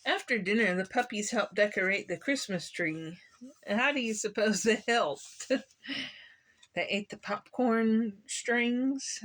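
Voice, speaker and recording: A woman reads a children's picture book aloud at an unhurried pace. She is playful and engaging, pausing to ask young listeners questions and chuckle along with the story. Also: medium pitch, a bit bright.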